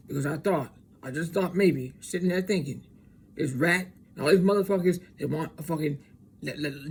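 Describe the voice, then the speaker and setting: A man with a slightly raised, husky voice hosts his own show alone. He rambles and swears, circling back with halting restarts as he airs his suspicions. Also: a little high. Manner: profane, conspiratorial, halting with restarts. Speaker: podcast host. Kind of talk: rambling solo monologue.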